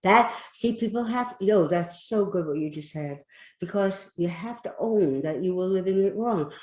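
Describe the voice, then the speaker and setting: A woman guesting as an expert on a podcast speaks emphatically, repeating key phrases to drive her points home. Her voice is on the low side, mellow and relaxed, at a moderate pace. A noticeable room echo is audible in this podcast conversation.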